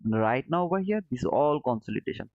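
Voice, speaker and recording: Animated and fast, this mid-range male voice comes through a dull, lo-fi, dry recording. He runs a live trading stream, talking through charts, reading chat and warmly addressing viewers as "brother" while he thinks out loud.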